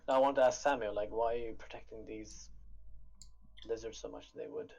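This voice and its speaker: Gravelly man playing a tabletop game. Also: fairly low pitch, fairly even intonation, a little fast, darkish tone. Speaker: player. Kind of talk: casual tabletop play.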